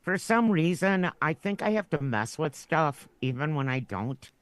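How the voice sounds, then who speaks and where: A woman's voice: low-pitched, expressive, unhurried, no echo. A woman guest on a podcast, telling a story in a rambling way and laughing through her words. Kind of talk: casual chat.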